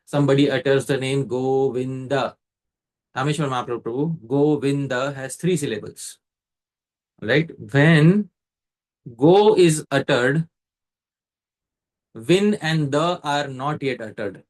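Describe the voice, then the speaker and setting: A man giving a scriptural lecture, explaining step by step in a measured way and pausing to quiz a listener. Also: medium pitch. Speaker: teacher.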